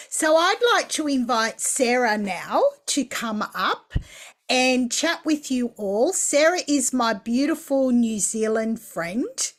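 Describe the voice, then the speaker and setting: A middle-aged Australian woman hosting a podcast, effusive and quick to laugh. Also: fairly high pitch. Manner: warm, effusive, laughs often. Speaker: podcast host. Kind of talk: casual interview chat.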